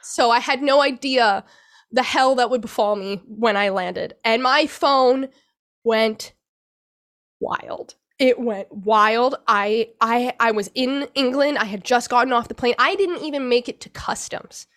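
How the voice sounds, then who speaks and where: A young woman recounting a painful personal ordeal as an interview guest, emotional and halting, with many restarts and some swearing. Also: on the high side, a bit bright. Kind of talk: personal account in a podcast interview.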